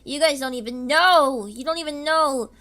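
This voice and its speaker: A woman's voice: high voice, normal speed, sharp tone. A woman streaming casually from home, rambling in an erratic way and breaking into screams and laughs. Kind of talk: casual live-stream chat.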